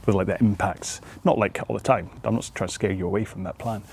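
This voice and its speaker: Chatty rowing coach, outdoors. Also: male voice, fairly low pitch, steady tone, fast, vocal fry, a little mellow, a little hiss or hum. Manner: rambling, friendly, self-deprecating asides. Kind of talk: chatty follow-along workout coaching.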